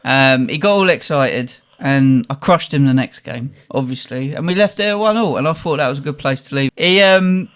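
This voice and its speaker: A man's voice: mid-range voice, normal speed, few pauses, a bit bright, smooth. Laughing man telling stories. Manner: laughing storyteller, acts out quotes. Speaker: podcast host. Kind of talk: casual podcast chat.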